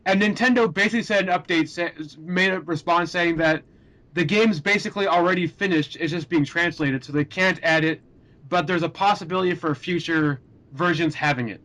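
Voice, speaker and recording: A man's voice: a little high, a bit bright. A young man hosting a casual group chat podcast, rambling with lots of fillers and frequent laughs. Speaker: podcast host.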